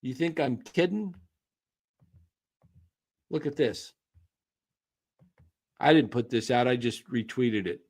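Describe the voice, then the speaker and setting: A man's voice: medium pitch, lively intonation, slow pace, pauses often, a little mellow, slightly rough. A man ranting scornfully about a sports player to his viewers. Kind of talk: casual sports rant.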